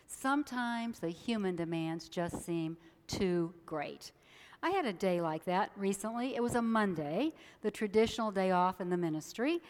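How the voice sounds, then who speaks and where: A woman minister giving a sermon, telling a story with lively acted voices. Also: mid-range voice, long reverb tail. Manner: animated storyteller acting out voices. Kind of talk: sermon with a told joke.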